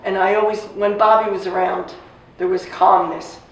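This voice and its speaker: A woman in her sixties casually telling a family story, animated and acting out the voices of the people she quotes. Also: medium pitch, moderate pace, gravelly. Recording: echoey room, distant mic, faint noise.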